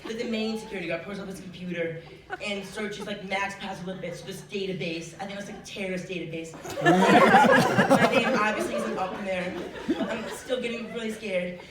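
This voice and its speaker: A high-school student telling a true story live on stage, chatty and full of filler words. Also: fairly even intonation, normal speed. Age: teen. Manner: chatty, many filler likes. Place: school auditorium with audience. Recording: roomy hall, distant mic, noisy. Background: audience laughter.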